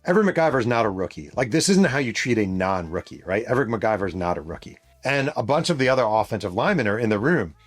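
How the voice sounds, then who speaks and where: Lower-voiced man telling a story casually. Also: animated, fast talker, hardly any pauses, soft background music. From New York State, USA. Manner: casual, profane, vivid retelling with sound effects. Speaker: podcast host and author. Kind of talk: storytelling podcast monologue.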